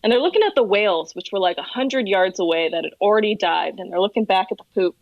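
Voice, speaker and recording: A woman guest on a chatty podcast, spinning boat stories with animated energy and frequent laughs. Her voice sits at an ordinary middle pitch. The sound is close and dry, with no room around it. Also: quick pace, gravelly, dry recording, lo-fi sound. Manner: animated storyteller, laughs often. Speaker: whale watching tour guide, podcast guest. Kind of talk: casual chat, storytelling.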